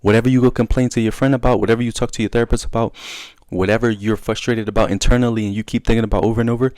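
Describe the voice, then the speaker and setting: A young man speaking in a casual, animated way, giving advice and acting out bits of dialogue. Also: mid-range voice, racing, no room sound. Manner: animated, conversational, acts out dialogue. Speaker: self-help video host.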